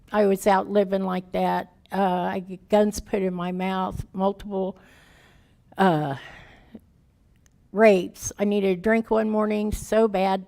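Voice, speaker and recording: A woman's voice: mid-range voice, vocal fry, darkish tone. A woman in her fifties, a guest speaker telling her recovery story in candid, plain-spoken, folksy words, emotional and raw. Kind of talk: personal recovery testimony.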